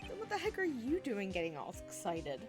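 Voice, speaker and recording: A woman's voice: mid-range voice, wildly swooping pitch, fairly quick. A woman reading the lines of a dry, put-upon young male lawyer from a game, over game music. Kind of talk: reading game dialogue aloud.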